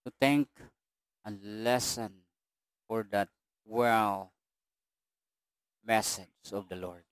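A man hosting a church service, exhorting the congregation in a halting way with many fillers and a repeated "no?". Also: on the low side, steady tone, smooth, no room sound. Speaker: worship service host.

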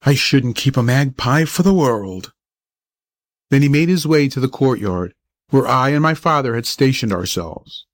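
A man's voice: mid-range voice, no room sound. Man reading an old-fashioned story. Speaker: narrator.

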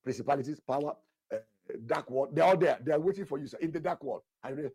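A man's voice: a little high, quick pace, a little mellow, slightly rough, no room sound. A man preaching a fervent sermon, repeating himself and addressing listeners directly as sir. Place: church altar session.

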